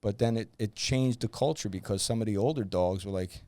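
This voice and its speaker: A man's voice: lowish voice, brisk, mellow, no room sound. A man, a former undercover officer, telling stories as a podcast guest and acting out the voices of people he quotes. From New Jersey. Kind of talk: storytelling in a podcast interview.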